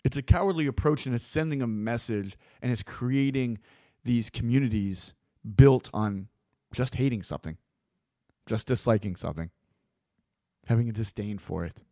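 A man delivering a blunt, opinionated monologue as a host, swearing freely and getting animated. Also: medium pitch, moderate pace, no room sound, studio quality.

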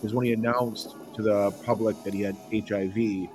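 A man's voice: fairly low pitch, moderate pace, music in the background. A man in casual chat about rock bands, telling stories with animation. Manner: storytelling, animated.

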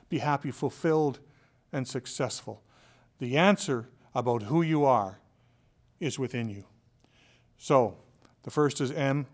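A man who is a motivational speaker, telling a scripted story in an expressive, dramatic way. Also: medium pitch. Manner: expressive, dramatic, with shifting loudness.

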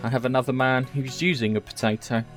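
A man's voice: medium pitch, steady tone, fast talker, soft background music. A man hosting a podcast, chatting casually in a jokey, rambling way and swearing now and then. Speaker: podcast host. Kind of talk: casual chat.

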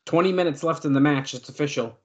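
A man's voice: a little high, quick pace, lo-fi sound. Chatty man calling wrestling moves. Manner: chatty, excitable play-by-play. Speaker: podcast co-host. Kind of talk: casual wrestling watch-along commentary.

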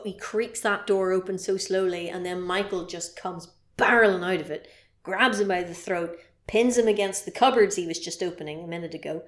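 Retelling a horror film with playful sound effects, a podcast co-host chats in a lively, casual way. Her voice is medium-pitched, and the recording has a roomy sound.

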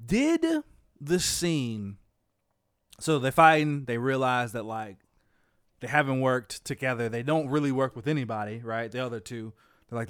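A man co-hosting a casual movie chat, retelling scenes with excitement and quoting characters. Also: mid-range voice, normal speed, smooth, dry recording, clean studio sound. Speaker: podcast co-host.

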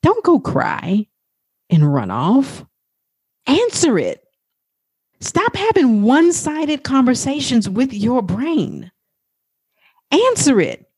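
Slow, husky-voiced woman coach. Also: no room sound, clean studio sound. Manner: animated, profane, acts out quoted talk in a high voice. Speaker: life coach and podcast host. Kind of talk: motivational podcast monologue.

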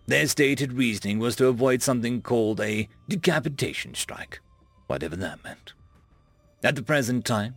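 Casting note: male audiobook narrator, gravelly, lively delivery, dry close sound, faint music under. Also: medium pitch, dry recording. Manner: wry, conversational storytelling. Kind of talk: first-person sci-fi narration.

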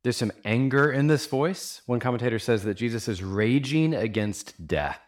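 A man's voice: medium pitch, lively intonation, normal speed. A man pastor giving a sermon in an earnest, conversational way, asking his listeners many rhetorical questions and using casual fillers.

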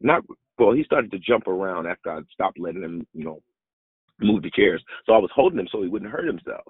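A man preaching a sermon and telling a personal story, animated, with his pitch leaping up for emphasis, recorded on a phone. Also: gravelly, breathy edge, dry recording, narrow, tinny audio.

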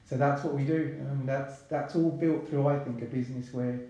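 A man, talking casually as a podcast guest in a relaxed, chatty way with many asides. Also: medium pitch, moderate pace. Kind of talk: casual interview talk. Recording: very echoey room.

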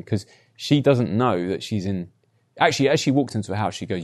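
A man's voice: lowish voice, lively intonation, moderate pace. A man giving a conversational sermon, telling personal stories and often adding tag questions like "right?". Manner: chatty, anecdotal, frequent tag questions. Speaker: preacher.

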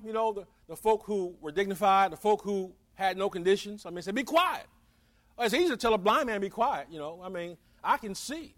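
A man preaching a sermon in a folksy, conversational way, acting out the voices of the people in his story. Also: high voice.

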